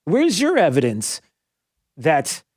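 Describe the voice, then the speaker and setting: A man's voice: a little high, wildly swooping pitch, slow, breathy edge. Rambling, joking talk radio host, man. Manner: chatty, joking, rambling with many restarts.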